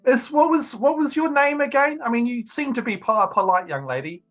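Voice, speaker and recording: A man putting on a high, polite furbolg. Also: fairly quick, fairly bright tone, lightly acted. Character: polite, fretful male furbolg townsman.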